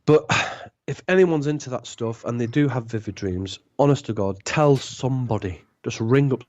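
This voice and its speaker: A man, a podcast guest, telling a long anecdote in a rambling, animated way and acting out the dialogue. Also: mid-range voice, normal speed, dry recording. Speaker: podcast guest, former club DJ. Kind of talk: casual storytelling. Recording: dull lo-fi podcast audio.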